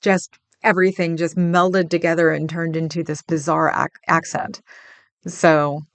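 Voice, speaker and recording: Woman livestreamer, chatty and rambling, lowish voice, dry close sound. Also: flat delivery, unhurried, dry recording. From San Francisco Bay Area. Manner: chatty, laughs often, rambling. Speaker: livestream host. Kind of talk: casual chat reading viewer comments.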